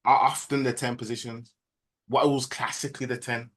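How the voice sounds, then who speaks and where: A man's voice: medium pitch, little pitch movement, normal speed, a bit bright. A man with a Birmingham accent, a guest pundit in a laid-back, casual football chat.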